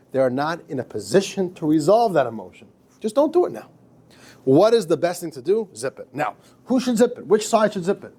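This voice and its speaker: A man, a rabbi, lecturing a class in a lively, chatty way, often repeating himself and laughing at his own stories. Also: on the high side. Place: classroom with students.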